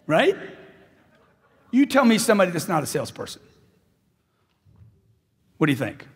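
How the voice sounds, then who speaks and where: Husky high-voiced man in a reverberant hall. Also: big pitch swings, moderate pace. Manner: intense, emphatic, repeats phrases for punch. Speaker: motivational sales speaker. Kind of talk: live seminar speech.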